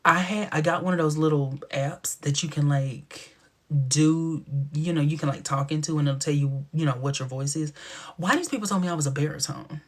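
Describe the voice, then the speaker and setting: A man's voice: a little high, moderate pace. A man hosting a casual live stream, chatting to viewers in a playful, sassy way with lots of laughter and dramatic asides. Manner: animated and playful, with frequent laughter.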